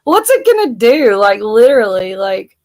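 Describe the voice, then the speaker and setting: A woman from the American South co-hosting a live stream, telling stories in animated casual chat and swearing freely. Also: medium pitch, moderate pace.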